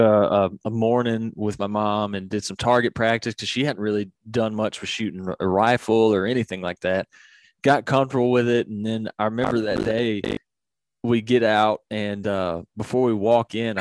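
A man hosting a podcast, a relaxed listener who chimes in and then shares his own story. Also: fairly low pitch, no room sound. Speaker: podcast host. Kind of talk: casual chat.

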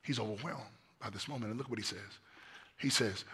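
A man preaching a lively sermon in a hoarse voice, swinging from shouts down to near-whispers and telling stories in casual slang. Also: on the low side, brisk. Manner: casual slang-laced storytelling. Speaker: pastor.

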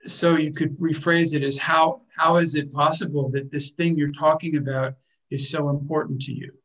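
A man teaching a workshop group in a calm, explanatory way, often repeating words as he thinks. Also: fairly high pitch, low-quality recording. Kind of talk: teaching a group, with acted example lines.

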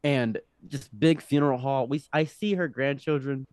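A young man telling a wild personal story on a podcast. He is animated and laughs often, dropping low and then jumping up loud. The sound is dry and close. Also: moderate pace, dry recording. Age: young adult. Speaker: podcast guest. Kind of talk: casual storytelling.

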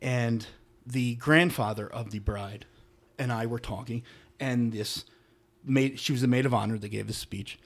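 A middle-aged man co-hosting a podcast, telling a story in casual chat, animated, with loud emphatic bursts and low muttered asides. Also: measured pace, few pauses. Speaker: podcast co-host.

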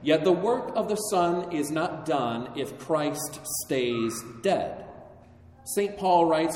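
A preacher with a slightly high, somewhat mellow, animated voice delivers a solemn, measured sermon at an unhurried pace, leaning hard on key phrases. He is far from the microphone in a church sanctuary with a long echo and a faint hum in the background.

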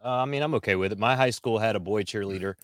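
A man's voice: fairly low pitch, very fast, no echo. A man co-hosting a casual chat over a remote call, offhand and dry. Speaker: podcast co-host.

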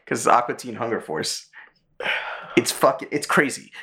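Guy on a podcast rambling through a cartoon episode, swearing, tossing in silly voices. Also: normal speed. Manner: animated retelling, jumps into squeaky character voices. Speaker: podcast host. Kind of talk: casual chat.

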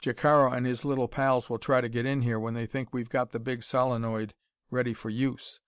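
A man's voice: mid-range voice, flat delivery, brisk, clear, resonant tone, no echo, lightly acted. A man voicing a bold young male inventor who speaks with a dry, wry edge.

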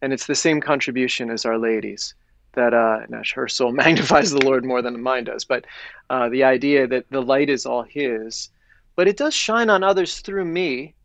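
A man's voice: mid-range voice, normal speed, creaky, a bit bright. A man who is a priest, speaking as a podcast guest and thinking aloud as he explains spiritual ideas in casual conversation.

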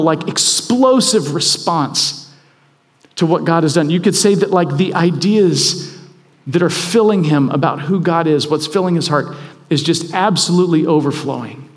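A man with a high voice preaches a sermon, talking in a conversational, self-deprecating and emphatic way. His voice rings out with a long reverb, as if he is in a large church hall.

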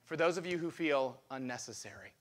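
A man preaching a lively sermon as pastor, asking the congregation questions. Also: on the high side, a little fast.

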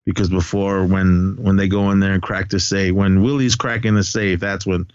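A man's voice: sits low, flat delivery, moderate pace, a little mellow, smooth, no echo. A man casually recapping movie scenes with a co-host, swearing freely and laughing at the jokes. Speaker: podcast co-host. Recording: dull lo-fi recording.

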